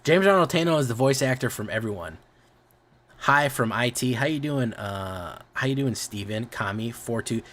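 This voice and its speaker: A man's voice: medium pitch, expressive, normal speed, a bit bright. A man streaming, chatting casually, rambling and often correcting himself, with a lot of swearing.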